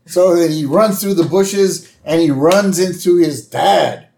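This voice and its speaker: A man co-hosting a podcast, casually recapping a cartoon episode with quick impressions. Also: a little high, vocal fry. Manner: animated retelling with quick impressions. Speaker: podcast co-host.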